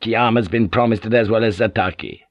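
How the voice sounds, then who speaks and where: For an audiobook, a male narrator slips into the role of a cunning, commanding aging warlord, deep and unhurried, weighing every word with quiet authority. His delivery is measured and sly with a scheming mood, the tone steady and close to an everyday voice. The recording is close and dry.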